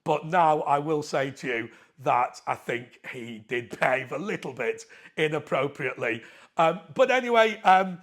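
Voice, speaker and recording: A man's voice: a little high, lively intonation, normal speed, a bit bright. An English man telling a casual anecdote to camera in a chatty, cheeky way, acting out the dialogue with shifting voices. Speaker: storyteller, channel host.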